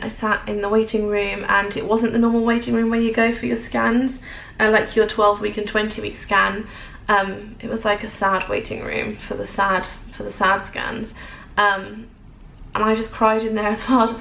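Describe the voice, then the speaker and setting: A woman's voice: medium pitch, gravelly, fairly bright tone. A young English woman telling a personal story to camera in a hesitant, emotional way, with many fillers and restarts. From England. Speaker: vlogger. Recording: echoey room, faint noise.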